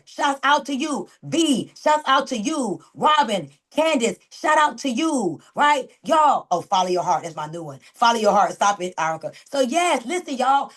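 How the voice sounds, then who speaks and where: High-voiced animated woman coaching her team. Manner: animated, preachy, calls out team members by name. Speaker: network marketing coach. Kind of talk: motivational training call.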